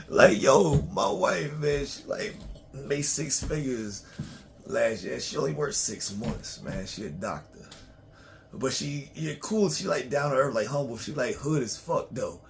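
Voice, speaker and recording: A man with a gravelly, low-fry voice, pitched in an ordinary middle range. He talks in a loose, profane, rambling way and laughs often. A faint background ambience sits under his voice. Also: animated, unhurried, slight background noise. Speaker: vlogger. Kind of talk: casual rambling monologue.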